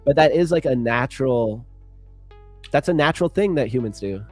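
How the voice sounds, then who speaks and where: A man's voice: mid-range voice, animated, normal speed, darkish tone, faint music behind. A man with a Californian accent, co-hosting a livestream in a rambling casual chat full of fillers. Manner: chatty, rambling with many "like" fillers. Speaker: livestream co-host.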